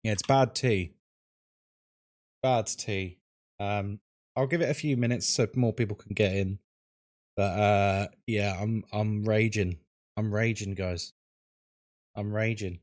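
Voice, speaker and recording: A man hosting a casual live stream of a horror game, greeting viewers one by one with quick jokes. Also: fairly low pitch, steady tone, a little mellow.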